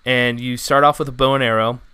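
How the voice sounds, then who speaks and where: Bright-voiced podcast host rambling casually. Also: male voice, medium pitch, steady tone, fast, smooth, dry recording. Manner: rambling, filler-heavy, upbeat. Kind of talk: casual gaming news chat.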